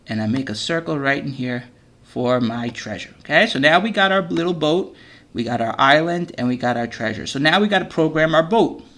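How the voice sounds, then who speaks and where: A man with a slightly higher, gravelly voice walks young students through a coding project on screen. He explains each step patiently, often pausing to check in with his class. It sounds like a screen-recorded lesson on a computer mic. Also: expressive, a bit bright. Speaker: teacher.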